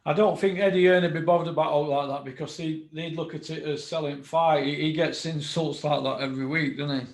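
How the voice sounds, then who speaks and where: A man chats casually with his guest, agreeable and a touch exasperated. His voice sits fairly high for a man, and the room adds a clear echo. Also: fairly even intonation, a little fast, few pauses. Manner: agreeable, short replies, exasperated. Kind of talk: casual chat.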